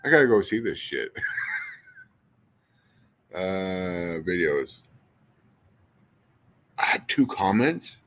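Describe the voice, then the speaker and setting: Slow-talking, animated, profane man. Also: low-pitched, slight background noise. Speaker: livestreamer. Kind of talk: casual livestream chat.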